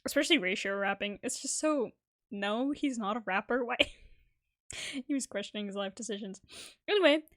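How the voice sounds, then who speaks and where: A woman in her twenties, a gaming creator giving casual reaction commentary, giggly and rambling, talking into a desk mic. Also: a little high.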